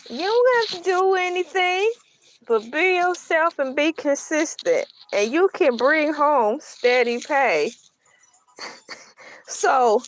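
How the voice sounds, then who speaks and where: Middle-aged lady vlogger, high voice, slow easy talk, dry close mic, jokey. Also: no room sound. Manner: joking, animated, puts on voices. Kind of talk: casual chat.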